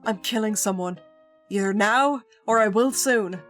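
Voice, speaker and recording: A woman voicing a frightened, fierce young woman in a spooky visual novel, pleading in a high, strained voice. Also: unhurried, faint music behind, natural voice. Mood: desperate. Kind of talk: reading a visual novel aloud.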